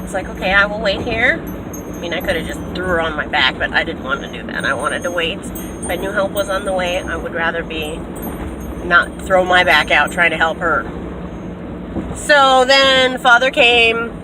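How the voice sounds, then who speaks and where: A woman's voice: normal speed, very noisy. A young woman, telling a story in a casual vlog and acting out what people said with big jumps in her voice. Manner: animated storyteller, acts out quotes with big pitch jumps. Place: in a car.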